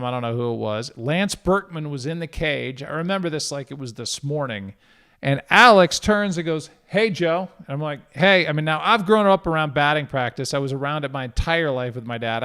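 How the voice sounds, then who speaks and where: A middle-aged man, a guest broadcaster, telling a story in casual chat with a lively, self-deprecating manner. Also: mid-range voice, clean tone.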